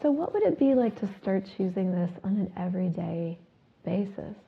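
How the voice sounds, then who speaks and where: A woman hosting a self-help talk show, asking her listeners questions and reciting a repeated clearing statement. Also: medium pitch, expressive, normal speed. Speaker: host. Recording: phone-like narrow sound.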